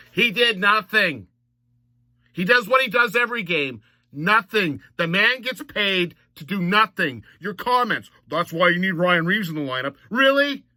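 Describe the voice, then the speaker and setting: A man's voice: a little high, bright, forceful tone, dry recording, clean studio sound. A man recapping a hockey game in a blunt, mocking monologue that rises to exasperated outbursts. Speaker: hockey commentator.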